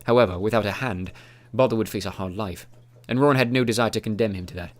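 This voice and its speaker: Low-voiced man narrating a fantasy audiobook. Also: fast.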